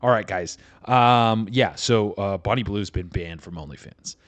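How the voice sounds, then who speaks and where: A man's voice: lowish voice, a little slow, no echo. A man hosting a comedy podcast, rambling through a profane, casual monologue full of restarts and fillers.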